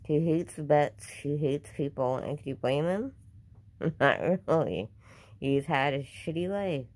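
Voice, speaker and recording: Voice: medium pitch, slow, a little mellow, no echo. An upset vlogger talks casually to camera at home, defensive and repeating themselves.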